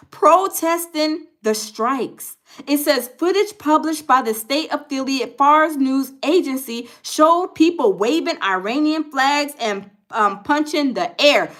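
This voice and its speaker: Emphatic high-voiced woman livestreamer. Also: fairly bright tone. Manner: chatty, emphatic, reads viewer comments aloud. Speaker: livestream host. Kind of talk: casual live-stream commentary.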